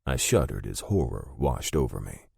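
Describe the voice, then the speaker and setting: Very deep-voiced man narrating an audiobook. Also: very animated, normal speed, vocal fry, mellow, slightly rough, dry recording, clean studio sound. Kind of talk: first-person romance narration.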